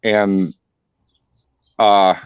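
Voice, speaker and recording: A man's voice: lowish voice, drawn-out words, smooth, dry recording, highs cut off. A man telling a hunting story in casual chat, swearing a lot and acting out the voices. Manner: profane, animated, acts out voices.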